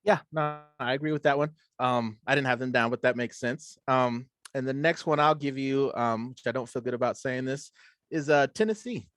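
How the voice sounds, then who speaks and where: A man's voice: mid-range voice, moderate pace, fairly bright tone, dry recording, clean studio sound. A man as a guest on a sports talk show, chatting casually and hesitantly with many fillers. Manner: hesitant, lots of ums, laid-back. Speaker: guest analyst.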